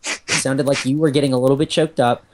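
A man co-hosting a podcast, excitable and teasing in casual chat. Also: medium pitch, fast talker, slight background noise. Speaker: podcast co-host.

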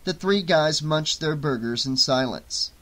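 A man narrating an audiobook in a steady, clear reading voice. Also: fairly high pitch, a little slow.

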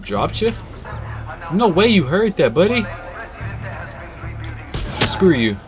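Brief: lively man doing gameplay commentary, big swings in pitch, loud game music behind. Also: takes it slowly. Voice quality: excitable, jokey, lively swings. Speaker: gaming streamer.

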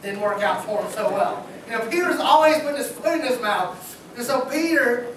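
A man delivers a sermon in a loose, joking, buddy-like manner. He is heard from well back in a very echoey church sanctuary, with a steady hum of room noise under him. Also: very high-pitched, normal speed. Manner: casual, joking, talks like a buddy. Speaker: preacher. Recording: echoey church hall from far off.

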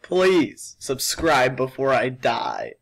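A man's voice: medium pitch, huge pitch swings, slow pace, gravelly. A young male vlogger doing a sugar challenge, worn out and dramatic, coughing and complaining between words. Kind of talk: casual vlog.

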